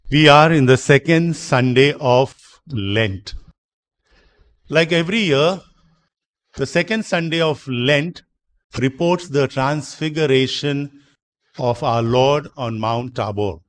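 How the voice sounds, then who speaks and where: A man preaching a sermon in a church, explaining slowly, repeating himself and asking rhetorical questions. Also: medium pitch. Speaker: priest.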